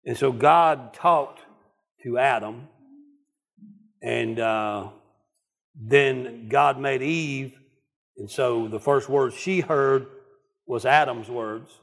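A man's voice: medium pitch, slow, pauses often. A man preaching a sermon in a folksy storytelling way, calling on listeners by name.

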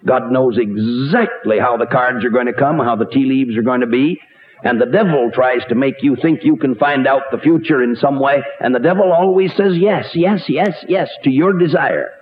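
A man preaching a radio sermon, animated and rhetorical, with wide swings in pitch. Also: normal speed. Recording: tinny narrow-band radio recording.

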